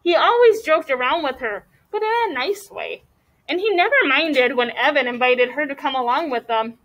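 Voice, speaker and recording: A woman teacher reads a chapter book aloud to her class. She reads expressively in a high voice and stops to quiz the students. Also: normal speed, poor audio. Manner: expressive, asks the class questions.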